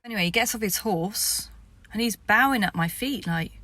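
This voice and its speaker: A woman's voice: mid-range voice, moderate pace, bright, forceful tone, dry recording. A woman, a spiritual vlogger, telling the story of a vision in a rambling way that sometimes drops to a whisper.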